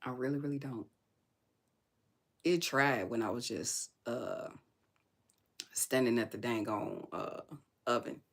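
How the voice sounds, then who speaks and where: A livestream host with a hoarse, raspy voice, venting emphatically about faith, repeating lines and swearing freely. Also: mid-range voice, slow pace, long pauses. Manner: preachy, speaks of God and spirit. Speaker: live stream host. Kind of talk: casual live-stream venting.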